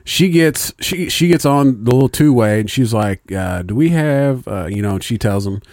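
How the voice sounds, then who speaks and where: A man's voice: mid-range voice, animated, normal speed, darkish tone, no room sound, clean studio sound. A man co-hosting a podcast, telling stories in a laid-back, profane way and laughing as he goes. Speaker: podcast co-host. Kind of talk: casual storytelling chat.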